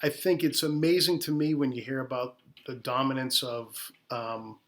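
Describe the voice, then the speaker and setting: A man's voice: mid-range voice, fairly even intonation, normal speed, fairly bright tone. Man, podcast co-host, casual debate, earnest, restarts words. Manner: earnest, restarts words when making a point. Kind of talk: casual sports debate chat.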